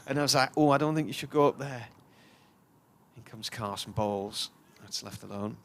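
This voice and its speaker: A man's voice: medium pitch, moderate pace, vocal fry. A man, commentating on live cricket and telling a long, chatty anecdote. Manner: chatty storyteller, puts on voices for characters in his tales.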